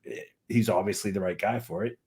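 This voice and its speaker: A man's voice: fairly low pitch, brisk, darkish tone. A man, an author, chatting casually on a livestream and often repeating words as he thinks.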